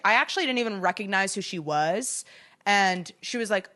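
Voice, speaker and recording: A woman's voice: mid-range voice, a little fast. Blunt, foul-mouthed young woman chatting. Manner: blunt, swears freely, animated storytelling. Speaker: podcast co-host. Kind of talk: casual chat.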